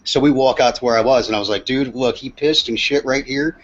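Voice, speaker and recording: Husky man telling a rambling story. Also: mid-range voice, a little fast. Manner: profane, rambling, laid-back storyteller. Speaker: podcast co-host. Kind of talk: casual storytelling chat. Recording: dull lo-fi audio.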